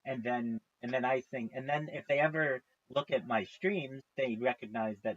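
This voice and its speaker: A man's voice: mid-range voice, normal speed, hardly any pauses, a bit bright, no room sound, dull audio. A man streaming live, chatting casually in a rambling way, with frequent restarts and free swearing.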